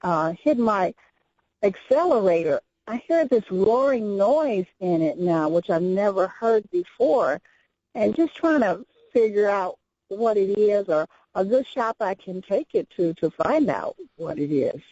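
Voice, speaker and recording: A woman calling in to a radio show, polite and a bit unsure, describing a problem haltingly over the phone. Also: medium pitch, expressive, warm tone, no room sound. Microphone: telephone. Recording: muffled phone call on radio.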